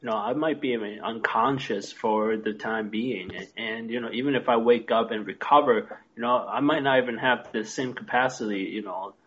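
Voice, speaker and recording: A man's voice: medium pitch, moderate pace, few pauses, a bit bright, a little hiss or hum. A man co-hosting a casual discussion, hesitant and full of "you know". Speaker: podcast co-host. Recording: dull lo-fi recording.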